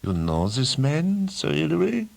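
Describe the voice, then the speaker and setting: A man reading an audiobook, voicing a smooth, scheming middle-aged count who tempts with bribes. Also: fairly high pitch, wildly swooping pitch, a little slow, a little mellow, no echo, voice pushed up, full character voice. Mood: silky. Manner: smooth, persuasive, wheedling. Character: silky sinister middle-aged male count.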